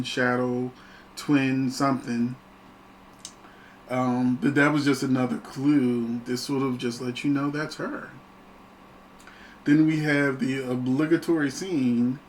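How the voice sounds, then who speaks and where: A man's voice: mid-range voice, slight background noise, poor audio. A man hosting his own channel, chatting casually and animatedly through a film review, laughing often.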